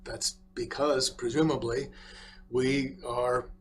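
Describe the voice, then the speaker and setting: A man, a guest scholar on a talk show, explaining ideas in a measured, hedging academic way. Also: medium pitch, steady tone, a bit bright. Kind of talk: conversational explanation.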